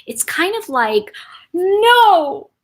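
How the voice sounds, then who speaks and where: Brief: a woman from New York State as a livestream host, lively pitch, slightly husky. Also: moderate pace. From Buffalo, New York, USA. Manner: animated, talks in dramatized quotes. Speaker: channel host. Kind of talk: livestream chat.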